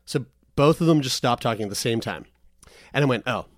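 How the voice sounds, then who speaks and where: A man's voice: mid-range voice, lively intonation, brisk, dry recording, studio quality. A man co-hosting a podcast, reading listener emails aloud in a casual, self-mocking way with lots of swearing and laughter. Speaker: podcast co-host.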